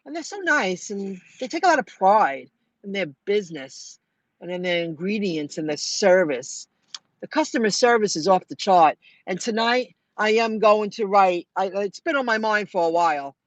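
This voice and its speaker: A middle-aged woman telling viewers about her delivery rounds in a chatty, animated way, acting out what people said. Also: medium pitch, normal speed, dry recording. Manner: chatty, animated retelling with quoted dialogue. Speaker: food delivery driver vlogger. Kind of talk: casual storytelling to viewers.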